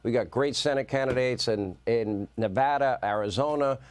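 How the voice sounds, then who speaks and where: Middle-aged male news host, mid-pitched voice, brisk and punchy. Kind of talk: cable news interview.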